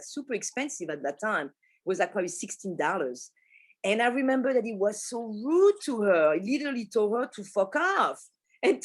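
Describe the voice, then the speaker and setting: A woman from France with a French accent, telling personal work stories in a casual, animated way, laughing often and swearing freely. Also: medium pitch, slightly rough. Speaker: pastry shop manager and teacher.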